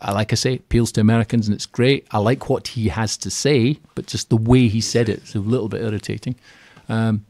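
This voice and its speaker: A man's voice: fairly low pitch, brisk, hardly any pauses, no room sound. Chatty man in a dry studio. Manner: chatty and animated, acts out quotes. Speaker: radio guest, keynote speaker on property finance. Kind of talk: conversational radio interview. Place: radio studio.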